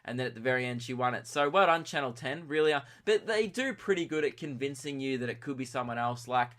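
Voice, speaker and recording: Bright-voiced young Australian podcast host. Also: male voice, mid-range voice, fast. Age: early 20s. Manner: rambling, self-mocking, excitable. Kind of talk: comic storytelling monologue.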